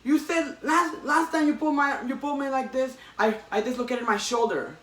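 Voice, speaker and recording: A man voicing a whiny male street robber who complains in a high, aggrieved yelp. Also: brisk, fairly bright tone, echoey room, distant mic.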